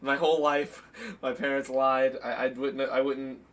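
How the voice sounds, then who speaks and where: A man's voice: mid-range voice, level tone, normal speed. Joking young man hosting a podcast. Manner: joking, teasing, laughs often. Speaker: podcast host and streamer. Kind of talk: casual podcast chat. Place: at a desk in a home streaming setup.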